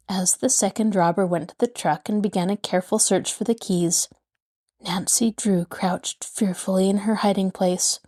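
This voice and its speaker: A woman host narrating a mystery novel aloud with a lively, dramatic delivery. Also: lowish voice, normal speed. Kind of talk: scripted storybook narration.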